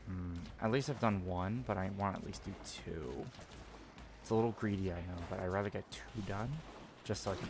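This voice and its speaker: A man swearing and rambling casually as he streams a video game, reacting loudly to what happens on screen. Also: deep voice, noisy background. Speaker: gaming streamer. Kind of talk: casual gameplay commentary.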